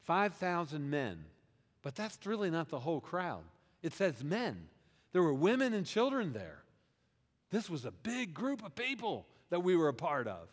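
A male pastor with a fairly high-pitched voice preaches at a moderate pace, his words echoing in a reverberant church sanctuary. He retells scripture as an animated story, using "we" as though the congregation were present, and questions his listeners.

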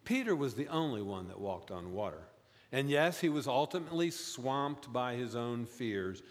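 A man preaching a sermon as pastor, telling stories and rising high in pitch for emphasis. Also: animated, moderate pace. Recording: long reverb, as in a church.

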